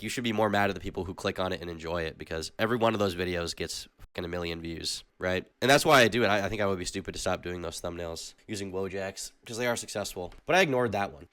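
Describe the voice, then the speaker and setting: Fast-talking sarcastic young man. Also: fairly low pitch, a bit bright, smooth. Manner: sarcastic, ironic rants. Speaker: YouTube commentary creator. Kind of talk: casual commentary monologue.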